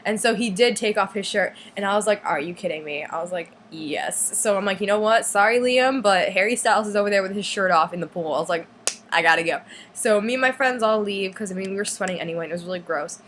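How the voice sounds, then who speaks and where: Excited rambling teenage girl storyteller. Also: medium pitch, fast talker, slight background noise. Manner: excited, rambling, frequent "like" fillers. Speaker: vlogger. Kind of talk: casual storytelling.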